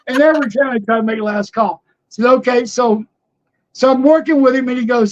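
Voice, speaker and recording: With the highs cut off, a very high-voiced older man talks fast, sharing wrestling road stories from his past on a podcast. He's a laughing raconteur, performing the voices of those he quotes in a relaxed storytelling way.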